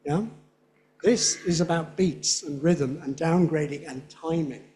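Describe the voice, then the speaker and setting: A man giving a lively conference lecture, often checking in with his audience. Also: on the high side, unhurried, a little hiss or hum. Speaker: linguistics lecturer.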